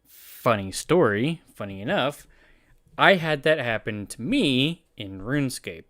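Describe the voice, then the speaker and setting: A man's voice: mid-range voice, animated, measured pace, a bit bright. A man chatting casually on a live stream, reacting to an anime and his chat in a rambling way, often restarting his sentences. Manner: rambling, self-correcting, laughs often.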